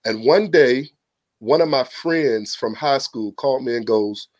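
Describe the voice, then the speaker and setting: In casual testimony, a podcast guest recounts a personal story earnestly and informally. He has a mid-range voice and talks a little slowly, often repeating words as he launches into a thought.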